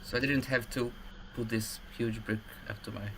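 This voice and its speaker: A man's voice: mid-range voice, fairly even intonation, normal speed, heavy background noise. A man co-hosting a casual livestream chat, explaining things at length with lots of fillers and restarts.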